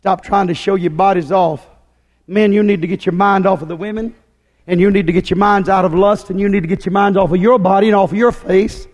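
A high-pitched male preacher delivers a fiery, folksy sermon, raising his voice and shouting. His words ring out with a long reverb, as in a big hall. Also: steady tone, a little fast.

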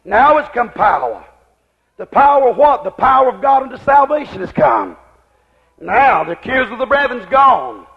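A man preaching a fiery revival sermon, shouting in a chanting cadence, on a muffled lo-fi recording. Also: very high voice, very animated, moderate pace, creaky.

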